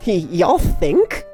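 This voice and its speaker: A young woman livestreamer in casual chat, giggly and excitable, rambling chaotically to her viewers. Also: on the low side. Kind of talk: casual live-stream chat.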